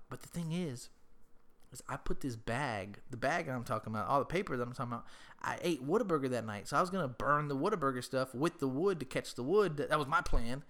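A man's voice: mid-range voice, expressive, quick pace, fairly bright tone. A young man hosting a casual chat, rambling through a story with lots of swearing and repeated words.

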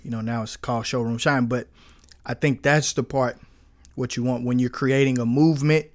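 A man's voice: medium pitch, moderate pace, no echo. A man in his thirties from St. Louis, a business owner telling the story of how he started his company in a podcast interview, with lots of fillers and acted-out quotes. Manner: relaxed storyteller, with frequent fillers and quoted dialogue.

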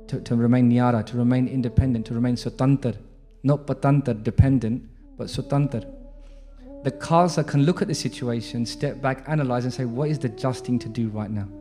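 A man's voice: mid-range voice, mellow. A man with a British accent giving a conversational storytelling talk to a congregation, retelling a story with frequent restarts. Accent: British English. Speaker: Sikh speaker addressing a congregation. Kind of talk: spoken storytelling talk with a moral lesson. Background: music.

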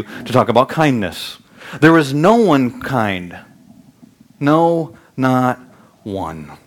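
A man in his thirties preaching a sermon as pastor, telling lively stories that climb loud and high. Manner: animated storytelling, rising loud and high in anecdotes. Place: church sanctuary.

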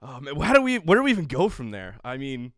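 A relaxed man hosts a casual podcast, joking with his guest and laughing easily between thoughts. His voice is clear and smooth, recorded up close in a dry space. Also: medium pitch, fast, no echo. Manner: laid-back, laughs easily, playful. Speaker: podcast host.

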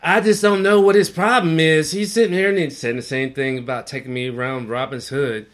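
A woman's voice: low-pitched, steady tone, a little fast, lightly acted. A man quoting an indignant woman passenger. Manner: indignant, accusing. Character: irate woman passenger, complaining.

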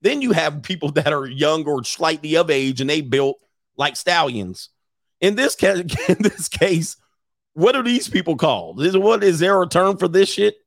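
A man's voice: fairly high pitch, lively intonation, moderate pace, vocal fry, dry recording, clean studio sound. A male host giving blunt, opinionated casual reaction commentary, laughing often as he talks.

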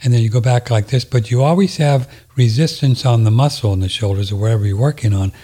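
A man's voice: medium pitch, quick pace, warm tone, slightly rough. A man hosting a talk radio show, chatting casually and rambling as he demonstrates an exercise. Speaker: radio host.

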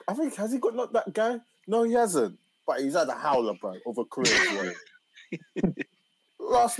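A man, reading out football stories and mock-scolding players in casual banter. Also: fairly high pitch. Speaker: podcast co-host reading out news.

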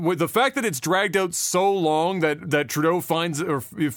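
Man, high voice, dry close mic, profane animated rant. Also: dry recording. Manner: profane, animated ranting with mocking impressions. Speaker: podcast co-host. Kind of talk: casual ranting chat.

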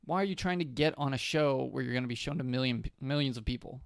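A man's voice: medium pitch, fast talker, creaky, smooth, no room sound, studio quality. A man co-hosting a podcast, making wry, offhand comments in casual chat. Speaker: podcast co-host.

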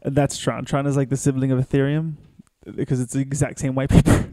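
A man's voice: medium pitch, flat delivery, mellow, no echo. A man co-hosting a casual podcast, giggling often between remarks. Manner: giggly, quick to laugh. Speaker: co-host.

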